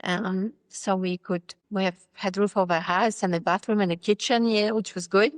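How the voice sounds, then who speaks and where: A woman's voice: medium pitch, moderate pace, dry recording. Polish-accented woman telling her story. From Poland. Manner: animated storyteller acting out quoted voices, frequent fillers. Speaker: interview guest. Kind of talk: personal story in a sit-down interview.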